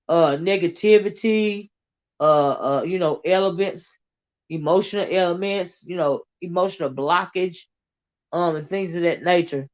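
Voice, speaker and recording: Chatting loosely as she reads comments on her livestream, a Southern American woman rambles with lots of fillers, restarts, and Southern Black American vernacular turns. Her voice is fairly low, and the recording sounds muffled.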